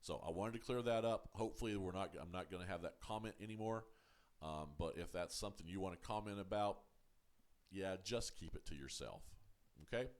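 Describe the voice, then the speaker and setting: A man with a very deep, low-pitched voice talks through a show review in a casual, unscripted way. He stumbles and restarts often, leaning on ums and uhs. When he pushes back on critics, he turns firm and a little defensive. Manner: halting, full of ums and uhs, restarts words. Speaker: show reviewer, channel host. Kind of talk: casual review commentary to camera.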